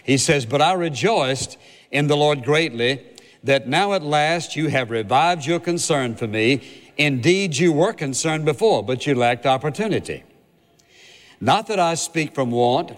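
A man preaching a sermon, earnest and deliberate, stressing his points through repetition. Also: medium pitch, in a large hall.

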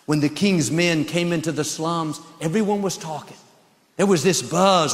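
A man's voice: a little high, normal speed, big-room sound. A male pastor preaching a sermon with an emphatic, repetitive cadence.

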